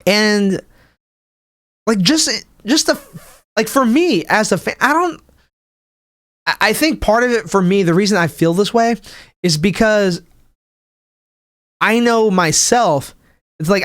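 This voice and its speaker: A young man hosting his own podcast as a stand-up comic, rambling and swearing, with lots of restarts and "like", acting out other people's lines in a higher voice. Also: lively intonation, a little slow, pauses often, fairly bright tone, no echo, clean studio sound. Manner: acts out people's quotes in a higher voice. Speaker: podcast host. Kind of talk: casual solo podcast rant. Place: home room, livestreaming.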